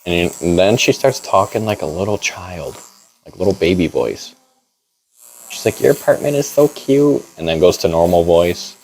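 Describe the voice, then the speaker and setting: A man's voice: sits low, normal speed, darkish tone, a little hiss or hum, poor audio. A young man casually telling a long story in a barbershop, laid-back and full of "like". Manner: rambling, laid-back, heavy on "like".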